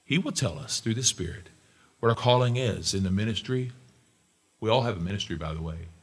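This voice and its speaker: Emphatic preaching man, lively pitch. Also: a little fast, husky. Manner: emphatic, repeats key phrases, swings from soft asides to loud exhortation. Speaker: pastor. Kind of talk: sermon and closing prayer.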